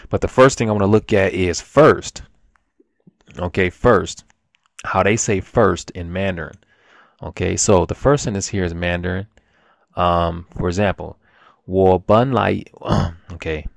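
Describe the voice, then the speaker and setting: A man's voice: deep voice, unhurried, creaky, dry recording, studio quality. A man giving a casual, rambling language lesson at his computer, full of restarts and fillers. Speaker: language teacher.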